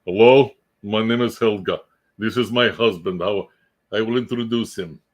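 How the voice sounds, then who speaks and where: A man's voice: on the low side, normal speed, voice pushed down, close to an everyday voice. A man voicing a chatty, affectionate Russian wife with a put-on Russian accent. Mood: doting.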